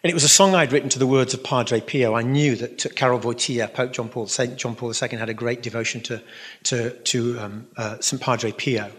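A man of middle pitch talks through his stories in an earnest, meandering way, often breaking off into asides. His voice echoes with a long tail, as in a large hall. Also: steady tone, a little fast, a bit bright. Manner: earnest, rambling storyteller with asides. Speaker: Catholic speaker and musician answering questions. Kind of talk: storytelling talk with audience Q&A. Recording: reverberant hall.

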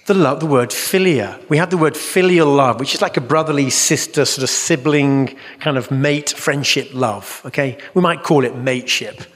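Earnest middle-aged male Christian teacher, animated storyteller, recorded in a reverberant hall. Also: mid-range voice, moderate pace, hardly any pauses. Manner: earnest, acts out voices in stories. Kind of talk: teaching talk at a church conference.

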